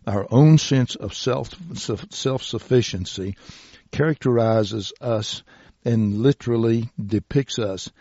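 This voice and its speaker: A male preacher delivering a sermon at an unhurried, deliberate pace, his low, mellow voice slightly husky. He reads scripture passages aloud as he goes. The recording is dull and lo-fi, with a dry sound. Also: dry recording.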